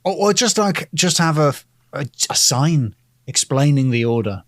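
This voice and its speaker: A man's voice: on the high side, animated, unhurried, no room sound. A man with a Northern English accent co-hosting a comedy podcast, presenting the topic with dry wit. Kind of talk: comedic casual chat.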